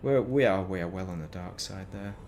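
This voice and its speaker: A man's voice: low voice, a little fast, darkish tone, a little hiss or hum. Chatty northern English man gaming. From Northern England. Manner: rambling, chatty, self-mocking asides. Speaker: gaming streamer. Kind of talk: casual gameplay commentary.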